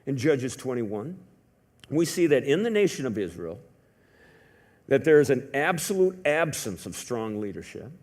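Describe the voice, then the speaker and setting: Animated storytelling male pastor. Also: mid-range voice, a little slow. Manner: animated, swings from hushed to loud; conversational with many fillers. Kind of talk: storytelling sermon. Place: church.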